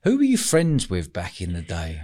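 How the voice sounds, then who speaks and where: A man's voice: low voice, huge pitch swings, moderate pace, dark tone. A man hosting an interview, prompting his guest with short, encouraging remarks. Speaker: podcast host.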